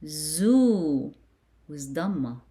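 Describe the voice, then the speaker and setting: Patient woman teacher, low and very slow, drilling sounds for beginners with steady praise. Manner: patient and encouraging, praising each answer. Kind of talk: slow beginner lesson with call-and-repeat drills.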